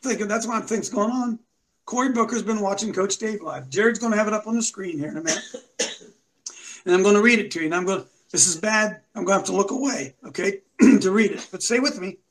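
A man's voice: sits high, fast talker, poor audio. A man hosting a show, giving combative, mocking commentary. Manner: preachy, mocking, rising to shouts. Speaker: show host.

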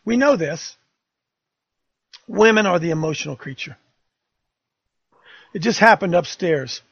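A man's voice: high voice, animated, a little slow, gravelly, fairly bright tone, slightly rough, no echo, muffled recording. An older man hosting a talk radio show, fiery, emphatic and rambling.

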